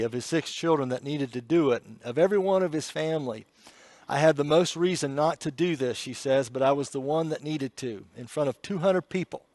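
Male preacher, fairly high voice, dry close sound, emotional storytelling that swings from hushed to loud. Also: no room sound. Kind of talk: sermon storytelling.

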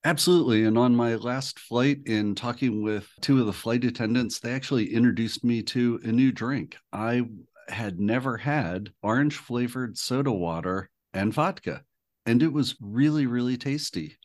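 A man co-hosting a podcast in a relaxed, easygoing casual chat. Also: mid-range voice, moderate pace. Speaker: podcast co-host.

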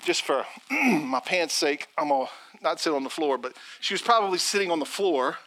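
At a normal pace and with a fairly high pitch, a middle-aged man preaches as pastor. His sermon is full of lively stories in which he performs the characters and their lines.

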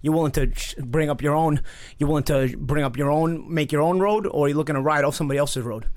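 Brash podcast host guy, talks super fast, kinda high voice. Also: steady tone, darkish tone. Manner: brash, taunting trash talk. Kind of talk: casual podcast chat.

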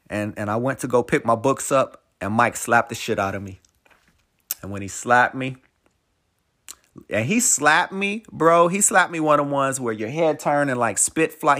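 A man tells a story from his own life in a relaxed, unscripted podcast monologue. He swears freely and keeps dropping in casual fillers as he goes. At times he slows down to reflect and turns the story into a life lesson. His pitch sits in an ordinary middle range. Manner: profane, loose and conversational, full of "man" and "you know". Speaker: podcast host.

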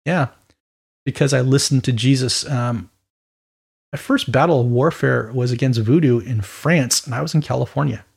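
A man preaching an informal Bible teaching in a conversational, animated way with quick asides. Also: mid-range voice, gravelly, breathy edge.

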